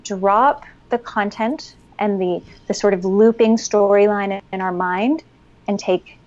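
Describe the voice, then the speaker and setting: A woman giving expert parenting advice as a podcast guest, calm and instructive, at times guiding a breathing exercise. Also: medium pitch, takes it slowly, muffled recording. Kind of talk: explanatory interview talk.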